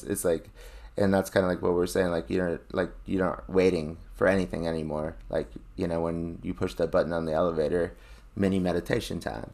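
Brief: man, low-pitched voice, loose rambling talker who swears a lot, casual podcast chat. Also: creaky. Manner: rambling, lots of filler "like", profane.

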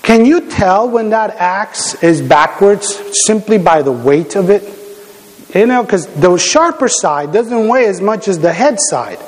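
A middle-aged man with a notably high voice delivers a sermon in a large hall, with long reverb trailing off his words. He tells stories in an animated, conversational way, stumbling and restarting often with "you know." His speech fills the room like a pastor speaking to a congregation. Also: unhurried. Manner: animated storytelling with many fillers and restarts.

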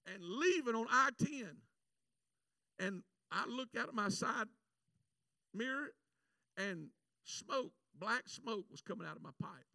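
Man, preacher, sermon, high gravelly voice, animated, heard from a distance. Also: unhurried, dry recording. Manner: animated, shouts acted prayers. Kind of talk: sermon with personal story.

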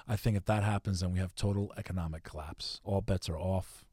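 A man's voice: low-pitched, fairly even intonation, brisk, few pauses, warm tone, husky, no room sound, clean studio sound. Profane, emphatic man in his forties. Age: 40s. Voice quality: profane, emphatic storyteller, says "bro" a lot. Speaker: podcaster, guest. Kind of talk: casual podcast chat.

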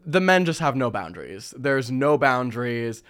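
Young man, podcast host, smooth clear voice, animated, laughs a lot, casual storytelling. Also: medium pitch, moderate pace. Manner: animated, laughs often, chatty slang.

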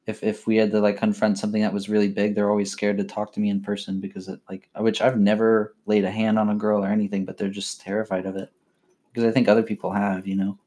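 A man's voice: fairly low pitch, monotone, fast talker, dark tone. A man chats casually, backing up the other speaker with short, supportive remarks. His speech is loose and sprinkled with "like" fillers. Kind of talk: casual chat.

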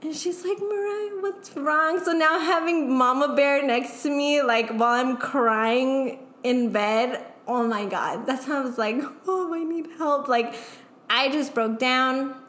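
A woman's voice: high voice, a little slow, fairly bright tone. Young woman talking openly, echoey room. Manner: emotional, frequent "like" fillers, swearing. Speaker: guest. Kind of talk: candid casual chat.

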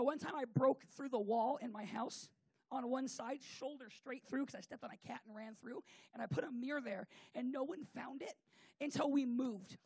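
A man's voice: extremely high pitch, vocal fry, slightly rough, no echo. A man preacher telling a rambling, joking story in a comic sermon, full of fillers.

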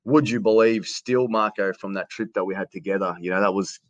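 A middle-aged Australian man chatting on an interview in a lowish voice. He restarts words often and drops in mate every few lines. The sound is dry and close. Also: a little fast, no echo, lo-fi sound. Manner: warm, says mate often, repeats words. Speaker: guest, sports announcer. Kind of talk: casual conversation over a call. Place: hotel quarantine room.

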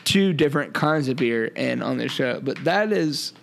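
A man's voice: medium pitch, animated, moderate pace, gravelly. A young man co-hosting a casual podcast, talking in a laid-back, joking way with lots of fillers. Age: young adult. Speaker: podcast co-host. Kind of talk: casual chat.

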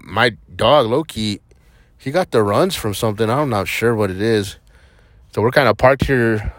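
A man's voice: medium pitch, fairly bright tone, no room sound. A young man from New Mexico hosting a podcast, rambling in a casual monologue from a parked vehicle, blunt, profane and defiant. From Albuquerque, New Mexico. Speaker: podcast host.

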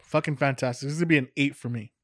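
A man's voice: mid-range voice, steady tone, rapid-fire, dry recording, studio quality. A man co-hosting a podcast, chatting casually about beer, loose and jokey with a lot of swearing. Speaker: podcast co-host. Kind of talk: casual beer-tasting chat.

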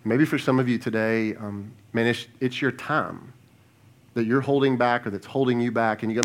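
A lead pastor giving a sermon in a conversational style, asking the congregation rhetorical questions, often restarting and repeating words, and dropping to a hushed tone when he asks them to reflect. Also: medium pitch, fairly even intonation, normal speed.

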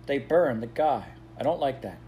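A man's voice: medium pitch, expressive, moderate pace, dark tone, a little hiss or hum, voice pushed up, close to an everyday voice. A stubborn, guarded little girl who answers in short, clipped words, as a male reader voices her. Her voice sits somewhat above the reader's own. Read for a storybook. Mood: bitter. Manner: curt, clipped replies. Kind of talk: audiobook character voice.

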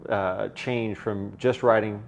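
Low-voiced male interviewer. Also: fairly even intonation, slow pace, creaky. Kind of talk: interview questions.

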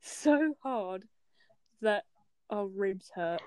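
A woman's voice: mid-range voice, lively intonation, extremely slow, a little mellow, dry recording. A teenage girl co-hosting a casual chat, telling stories and teasing while laughing often. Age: teens. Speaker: co-host.

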